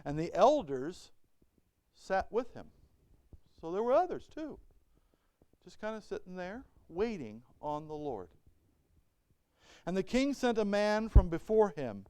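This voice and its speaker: A man's voice: high voice, very animated, a little slow, long pauses, dark tone, no room sound. A male pastor preaching a sermon in church. He reads Bible verses and asks the congregation rhetorical questions. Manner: reads Bible verses aloud and explains them.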